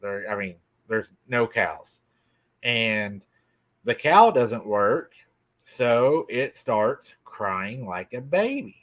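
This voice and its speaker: A folksy middle-aged man spins a spooky campfire-style tale with an easy drawl. His voice sits at an ordinary pitch and moves at a relaxed, conversational pace. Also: drawn-out words. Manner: folksy, drawling, laughs often. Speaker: guest telling a cryptid encounter. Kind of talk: casual storytelling. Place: rural farm home.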